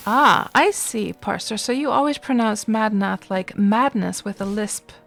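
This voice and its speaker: Gravelly-voiced chatty woman streamer. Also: medium pitch, unhurried, a bit bright, faint music behind. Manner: chatty, answers viewers' chat between gameplay remarks. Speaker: game streamer. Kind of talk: casual live-stream chat while playing. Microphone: desk microphone.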